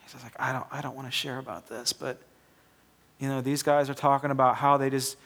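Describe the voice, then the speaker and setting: A man's voice: mid-range voice, little pitch movement, a little fast, gravelly, a bit bright. A young man preaches to his church in an easy, chatty way and often starts a phrase over. His voice sits in an ordinary middle range. He speaks as if telling a story to friends. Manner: conversational, repeats and restarts words, acts out quoted characters. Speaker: pastor. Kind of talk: sermon with a joke told as illustration.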